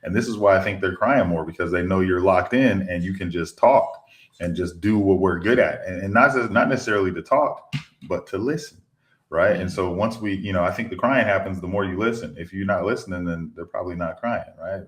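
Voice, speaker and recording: A man's voice: sits low, fairly quick. A man who works as a financial advisor, talking casually on a podcast and repeating himself as he searches for the right words. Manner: rambling, repeats words while searching for a thought. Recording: echoey room sound.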